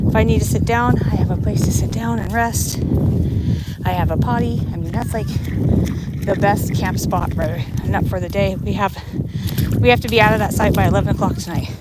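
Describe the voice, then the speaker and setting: A woman's voice: medium pitch, very noisy. An American woman chatting live to her viewers while she walks across a tidal bay, out of breath, filmed on a handheld phone. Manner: chatty, talks straight to viewers while walking. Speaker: livestream vlogger. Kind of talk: casual live-stream chat. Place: outdoors on a tidal bay shore. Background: outdoor ambience.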